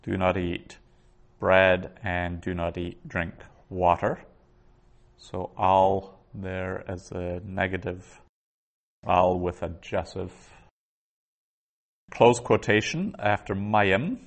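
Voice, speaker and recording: Slow, low-voiced man teaching a lesson. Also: steady tone. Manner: patient, methodical explaining with frequent restarts. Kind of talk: biblical Hebrew lesson.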